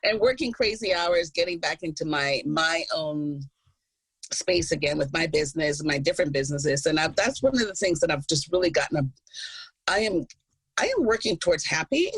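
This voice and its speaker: A woman co-hosting a podcast in casual chat, telling her stories with animated energy, acting out the people she quotes and laughing often. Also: low voice, moderate pace, slightly rough, no echo, rough recording. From Jamaica. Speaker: podcast co-host.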